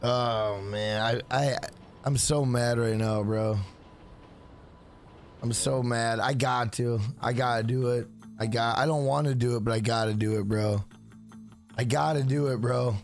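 A man streaming a game live, exhausted and mumbling, with lines that trail off low and get repeated over and over. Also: steady tone, measured pace, faint music behind. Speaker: gaming streamer. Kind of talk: casual live-stream chat.

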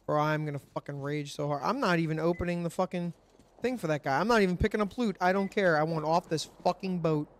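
A man's voice: a little high, fast talker. A man hosting a let's play, commenting on his game in a frustrated, profane, ranting way. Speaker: gaming channel host.

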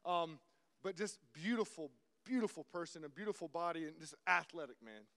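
A young man giving an animated sermon-style talk, often repeating words and dropping from loud to hushed. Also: on the high side, a little fast, in a large hall. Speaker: guest speaker.

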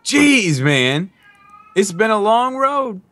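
Goofy co-player riffing with wild pitch. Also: very animated, takes it slowly, bright, forceful tone. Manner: goofy, riffing with silly noises and accents. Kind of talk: casual gameplay banter.

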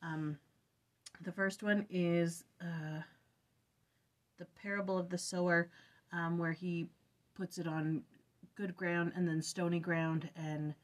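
Chatty woman with a lowish voice. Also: little pitch movement, slow, pauses often. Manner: chatty and conversational, thinking aloud. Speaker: scripture study host. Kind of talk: casual devotional reflection.

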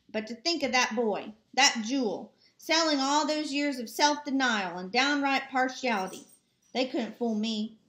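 A woman casually reading a novel aloud at home, steady with small slips and asides. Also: high-pitched, reverberant. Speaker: audiobook reader. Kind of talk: casual amateur audiobook reading. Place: home with family nearby.

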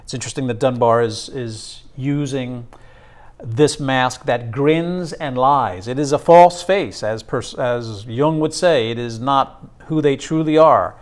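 A male instructor giving a classroom lecture, talking haltingly with many fillers and restarts. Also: mid-range voice, a little mellow.

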